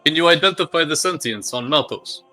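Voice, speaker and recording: A man's voice: on the high side, expressive, brisk, pushed and bright, faint music behind. A man playing a tabletop game, asking in-character questions in a hesitant, casual way. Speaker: player.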